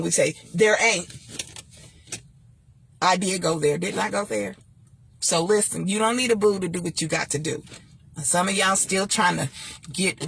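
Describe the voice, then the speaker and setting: A woman, chatting casually and sassily to viewers, preachy at times and laughing loudly. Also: gravelly, breathy edge. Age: 50s. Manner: sassy, preachy, laughs loudly and swoops high when joking. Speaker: host. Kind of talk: casual livestream chat.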